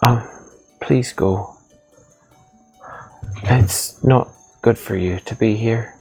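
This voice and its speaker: A man voicing a frightened young woman who pleads in a breathy, half-whispered voice, pitched well above his own. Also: very slow, darkish tone, soft background music, exaggerated voice. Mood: scared pleading.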